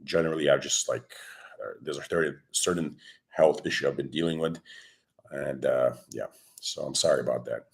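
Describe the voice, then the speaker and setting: Man, very deep voice, sore throat, throat-clearing, calm livestream chat, desk mic. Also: moderate pace. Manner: calm, explanatory, greets viewers warmly by name. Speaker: crypto livestream host.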